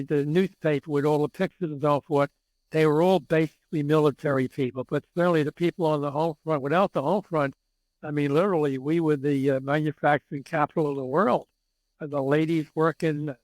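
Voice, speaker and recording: A man's voice: fairly high pitch, dry recording, rough recording. A man in his eighties, a guest telling stories in an interview and acting out the dialogue in them. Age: 80s. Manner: animated storyteller who acts out dialogue. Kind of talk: storytelling interview.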